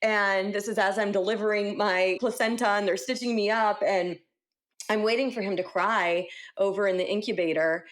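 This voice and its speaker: A woman in her thirties talks on a podcast as a pediatric nurse practitioner. She tells her stories with animation, jumping up loudly whenever she acts out what she said. Her pitch sits in the middle for a woman. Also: moderate pace. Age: 30s. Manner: animated storytelling, acts out her own quoted lines loudly. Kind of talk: podcast interview.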